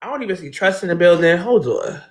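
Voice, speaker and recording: A woman's voice: on the low side, rapid-fire, crowd noise. A woman from New Jersey hosting a casual live stream from home, talking emotionally and directly to her viewers. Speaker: livestream host. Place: at home, decorated with balloons and pictures.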